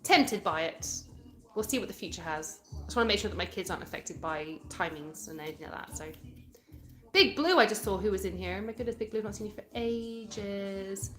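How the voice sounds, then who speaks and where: Faint music plays behind a British woman from England in her thirties as she hosts a laid-back live stream from home, indoors, answering viewer comments. Her British English voice is medium-pitched, brisk and a bit bright.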